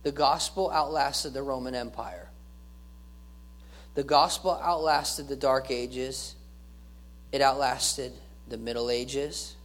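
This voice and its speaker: A man's voice: mid-range voice, fairly even intonation, takes it slowly, pauses often, fairly bright tone. A male pastor giving an earnest sermon, repeating key phrases and restarting his words as he preaches.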